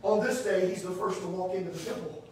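A man preaching a sermon in a church, rising to shouts and dropping low. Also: fast talker, slight background noise. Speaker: pastor. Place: church sanctuary. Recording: echoey church room from far off.

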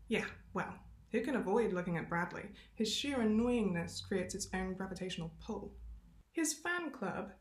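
Woman, novel reading, expressive, mid pitch, roomy echo. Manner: expressive, with self-aware asides. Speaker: reader.

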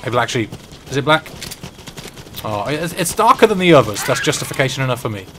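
A man's voice: medium pitch, big pitch swings, fast, a bit bright, slight background noise. A man giving casual, joking live-stream commentary while he plays and chats to the game's characters. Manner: joking, chatty, talks to the game characters. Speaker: gaming streamer.

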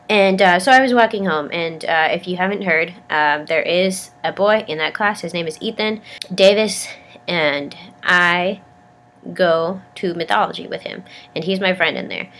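A woman's voice: fairly low pitch, unhurried, a bit bright. A young woman vlogging casually with a sick, congested voice, rambling and stammering, poking fun at herself. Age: young adult. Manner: rambling, self-deprecating, stammers. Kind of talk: casual vlog chat.

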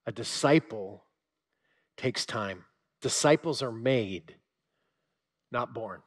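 Animated male pastor preaching. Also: medium pitch, takes it slowly. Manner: animated storytelling with dramatic drops to a quiet voice. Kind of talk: sermon.

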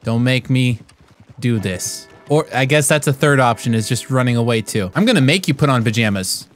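Animated goofy man doing gameplay commentary. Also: medium pitch, moderate pace, faint music behind. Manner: goofy, mock-serious, yelling playful threats at other players. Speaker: gaming YouTuber.

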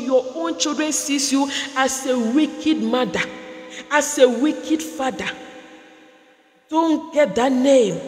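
A woman prophetess preaching a sermon, building through repeated phrases and acted-out dialogue. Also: sits high. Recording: echoey hall with long reverb.

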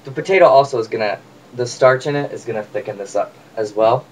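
A man's voice: mid-range voice, quick pace. Playful man chatting through a cooking video. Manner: chatty and playful, joking asides to viewers. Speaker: home cook vlogger. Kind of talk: casual cooking demonstration. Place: home kitchen. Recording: distant mic with faint room noise.

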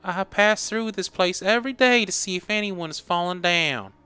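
A man voicing a gentle, motherly old goat-woman caretaker in a put-on Southern US accent. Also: sits high, normal speed, clear, resonant tone, no room sound, faint music behind, voice pushed up. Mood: tender, motherly. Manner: gentle, motherly, calls you sugar.

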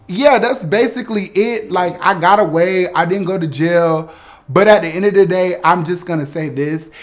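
A young man with a notably high voice tells a comic story from his own life in a loose, animated way. He swears freely and keeps laughing through his own telling. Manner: animated, profane, laughing as he talks. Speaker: guest storyteller.

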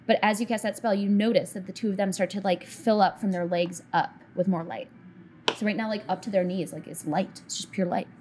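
A woman's voice: medium pitch, steady tone, fairly quick, darkish tone, slight background noise. A woman narrating as game master in a casual, filler-heavy way.

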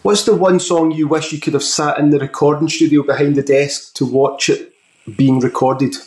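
A man hosting a rock talk show, asking questions and telling stories in a relaxed, jokey way. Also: fairly high pitch, normal speed. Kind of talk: casual interview questions. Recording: roomy echo.

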